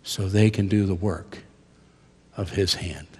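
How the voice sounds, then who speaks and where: Slow, dramatic older preacher in a hall. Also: male voice, low voice, steady tone, husky. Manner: dramatic shifts from hushed to loud. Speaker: seminary professor. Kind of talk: chapel sermon. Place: large chapel hall. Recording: long reverb of a large hall.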